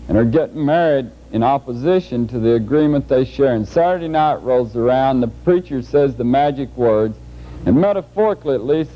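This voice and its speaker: A middle-aged man, giving a folksy, joking lecture to a large audience. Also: fairly high pitch. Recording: muffled old 1981 videotape.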